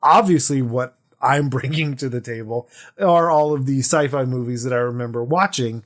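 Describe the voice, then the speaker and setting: A man's voice: mid-range voice, normal speed. A man co-hosting a tabletop gaming podcast in casual, playful chat. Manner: animated, playful storytelling. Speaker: podcast co-host.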